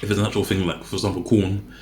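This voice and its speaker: This is a deep-voiced man with a level tone and a slightly mellow quality, speaking at a racing clip. He chats casually to the camera over a meal, rambling and self-correcting mid-sentence, in an echoey room with slight background noise.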